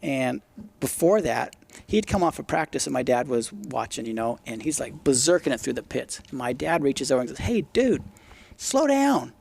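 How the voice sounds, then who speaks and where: Gravelly middle-aged man telling blunt stories. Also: medium pitch, brisk, a little mellow. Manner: blunt, profane, acts out quotes in his stories. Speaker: podcast guest, retired motocross racer. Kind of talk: casual storytelling interview.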